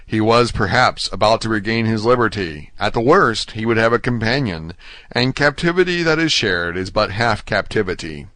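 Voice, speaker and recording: A man narrating a classic novel as an audiobook, in a steady, even storytelling manner. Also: fairly low pitch, normal speed, no room sound. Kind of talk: scripted narration.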